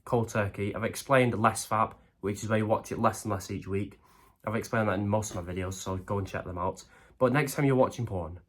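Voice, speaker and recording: A man's voice: lowish voice, breathy edge. A young man hosting a self-help video. He talks bluntly and swears freely, and he keeps checking in with "okay?" and "right?". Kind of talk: blunt motivational monologue.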